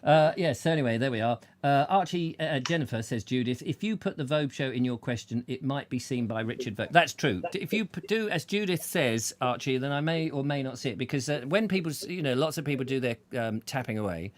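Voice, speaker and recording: A man's voice: mid-range voice, expressive, fast talker, hardly any pauses. A man hosting a casual chat show, joking and rambling through anecdotes. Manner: chatty, jokey, rambling anecdotes with put-on voices. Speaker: host.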